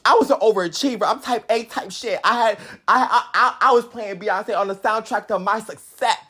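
A woman's voice: medium pitch, fairly quick, sharp tone, breathy edge. A young adult woman in a sassy, combative comic rant, bragging profanely about being the top fan. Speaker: comedic ranting fan. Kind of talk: comedic rant to camera.

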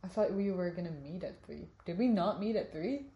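A woman's voice: lowish voice, expressive, brisk, roomy sound, lo-fi sound. A young woman hosting a podcast in casual chat, with a playful, dry and teasing manner. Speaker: podcast host.

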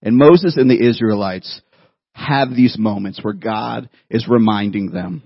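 A man in his thirties, a pastor, preaching a sermon and telling a childhood story in an animated way, laughing at himself. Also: fairly low pitch, measured pace, creaky, breathy edge, no echo, lo-fi sound.

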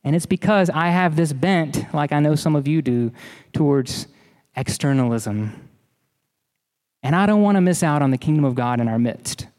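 A man's voice: fairly high pitch, expressive, moderate pace, a little mellow, long reverb tail. A man preaching a sermon in an earnest, emphatic way, often repeating key phrases. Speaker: pastor.

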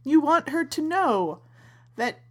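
An actress playing a wry, quick-witted con artist in a comedy audio drama. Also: female voice, high-pitched, big pitch swings, heavily acted. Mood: scheming. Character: scheming adult woman con artist.

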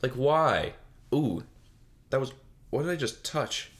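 A man's voice: mid-range voice, lively intonation, slow pace, a bit bright. A young man hosting a solo podcast, rambling goofily, mocking himself and laughing at his own jokes. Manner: mock-sobbing bit, put-on crying. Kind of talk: rambling solo comedy chat. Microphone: desk mic.

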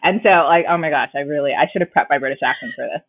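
A woman's voice: sits low, rapid-fire, no room sound. A woman co-hosting a podcast, chatting casually and rambling as she corrects herself. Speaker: podcast co-host. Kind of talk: casual chat. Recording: tinny, dry phone-like line.

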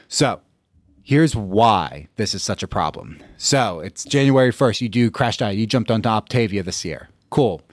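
A man hosting a podcast as a fitness coach, talking bluntly and casually with frequent swearing and quick acted-out reactions. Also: lowish voice, dry recording. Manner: blunt, profane, acts out listeners' reactions. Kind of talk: casual solo podcast monologue.

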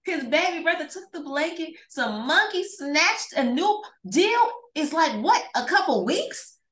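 A woman co-hosting a casual podcast chat, telling stories in an animated, emphatic way. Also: extremely high pitch, a little slow. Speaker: podcast co-host. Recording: echoey room.

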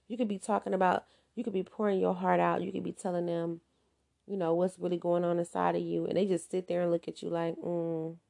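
Gravelly low-voiced woman, emphatic. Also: dark tone. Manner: emphatic, repeats points for stress. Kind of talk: casual advice monologue.

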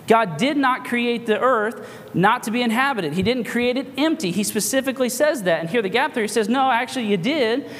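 A man's voice: high-pitched, a little hiss or hum. A man preaching a sermon with impassioned, emphatic rhetorical questions, recorded in a church hall. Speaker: pastor.

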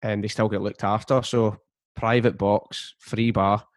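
A man chatting casually on a podcast, telling stories in a steady way with frequent restarts. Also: lowish voice, a little slow, no room sound, clean studio sound. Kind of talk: casual chat.

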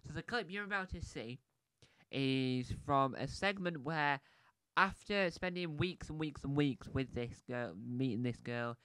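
A man's voice: mid-range voice, measured pace, a bit bright, smooth, no room sound. A man giving a casual, rambling film review on a podcast, chatty, with many restarts and asides.

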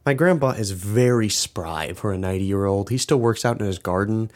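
A man's voice: on the low side, normal speed. Casual young man rambling on a podcast. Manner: rambling storyteller, animated quoting. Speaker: podcast co-host. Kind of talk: casual chat.

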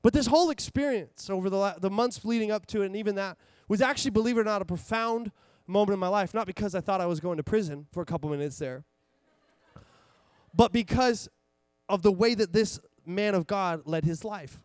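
A young man in his twenties preaching, telling a story with lively, rambling energy and many restarts. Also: high-pitched, brisk, smooth, dry recording, studio quality. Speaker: pastor. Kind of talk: sermon. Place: church.

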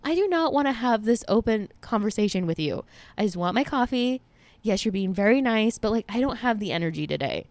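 A young woman chats through a casual story, animated and quick with sarcastic asides. Her voice sits at an ordinary middle pitch, and the recording is dry and close. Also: no room sound. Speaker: podcast host.

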